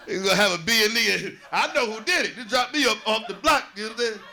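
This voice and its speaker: A man's voice: high-pitched, brisk, pushed and bright. A man in his forties from New Jersey doing a loose, conversational stand-up set, riffing with the audience on a comedy stage. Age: 40s.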